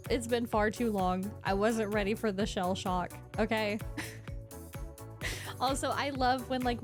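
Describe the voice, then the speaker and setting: A woman VTuber giving casual reaction commentary, giggly and prone to honking laughs. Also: medium pitch.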